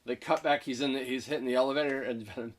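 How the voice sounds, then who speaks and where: Man co-host recapping a movie in casual chat, excited, mid-pitched, breaks into quick character voices. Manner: excited retelling, acting out lines with quick voice switches.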